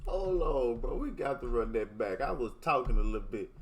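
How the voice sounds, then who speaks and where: Lively, cussing young man reacting. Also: medium pitch, brisk, background noise. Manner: profane, laughing, talks back to clips. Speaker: reaction video host. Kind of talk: casual reaction commentary.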